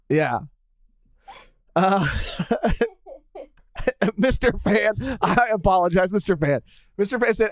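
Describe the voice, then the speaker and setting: Animated laid-back male podcast co-host. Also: high-pitched, measured pace, pauses often, no room sound. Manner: laid-back, says "dude" often, laughs easily. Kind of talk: casual chat.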